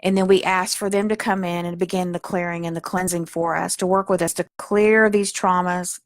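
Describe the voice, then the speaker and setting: A woman's voice: lowish voice, fairly even intonation, moderate pace, no room sound, clean studio sound. A woman teaching spiritual healing in a soothing, earnest way, with frequent fillers as she talks. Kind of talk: spiritual guidance talk.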